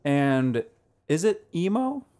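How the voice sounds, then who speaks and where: A man co-hosting a casual podcast reviews beers and albums in an easygoing way, his talk full of "like" fillers. His voice is on the high side, very animated, slow, and mellow.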